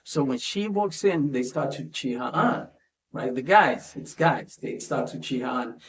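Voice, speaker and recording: A man's voice: mid-range voice, lively intonation, measured pace. A man hosting a casual commentary monologue, talking conversationally and tagging his points with "right?". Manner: conversational, tags statements with "right?". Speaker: commentary host. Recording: roomy echo.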